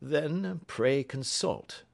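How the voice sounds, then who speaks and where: A man's voice: medium pitch, lively intonation, vocal fry, pitched above the performer's own voice, full character voice. A man putting on a dry, languid detective. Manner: dry, measured.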